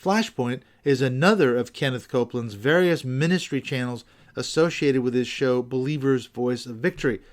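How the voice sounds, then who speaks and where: A man hosting a podcast, reading scripted commentary with wry, skeptical asides. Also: mid-range voice. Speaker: podcast host.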